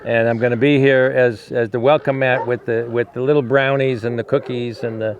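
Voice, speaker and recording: A man's voice: mid-range voice, little pitch movement, brisk, dull audio, a little hiss or hum. A man who rescues animals, talking casually to the camera and coaxing his dogs outdoors with repeated calls. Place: outdoor dog yard.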